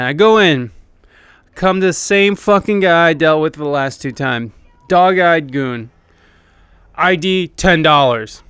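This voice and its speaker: A man's voice: fairly high pitch, a little slow, a bit bright, clear, resonant tone, no room sound. A young man hosting a podcast, telling a rambling, profane story about a gig in a casual, self-deprecating way. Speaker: podcast host and band keyboardist.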